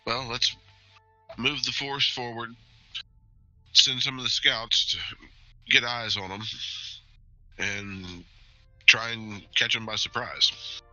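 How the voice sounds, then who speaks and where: A man playing a tabletop game, speaking calmly and deliberately. His voice is bright, the delivery slow, and the sound slightly dull. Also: medium pitch, no echo, faint music behind. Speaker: player. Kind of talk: casual tabletop play.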